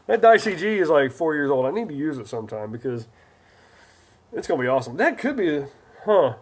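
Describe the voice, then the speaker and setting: A man's voice: on the high side, very animated, a little fast, slight background noise. A man hosting a casual live stream, chatty and jokey as he reads viewer comments aloud.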